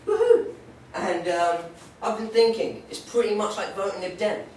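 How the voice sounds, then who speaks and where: A man's voice: sits high, fairly even intonation, normal speed, darkish tone, recorded from a distance, a little hiss or hum. Young man doing stand-up in an echoey pub. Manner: rambling, joking, playful put-on voices. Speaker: stand-up comedian. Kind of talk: stand-up comedy set. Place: pub stage.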